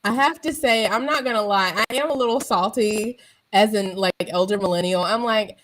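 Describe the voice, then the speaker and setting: A woman's voice: medium pitch, normal speed, fairly bright tone, slight background noise, rough recording. A woman in her late thirties, a wrestling show host, chatting expressively on a video call panel and laughing often. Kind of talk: casual panel chat.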